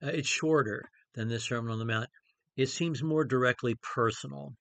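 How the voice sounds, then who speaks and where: A man's voice: medium pitch, normal speed, vocal fry, fairly bright tone, dry recording. Middle-aged guy preaching casually, lots of ums and restarts, dry close mic. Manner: conversational, many fillers and restarts. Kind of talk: informal Bible study talk.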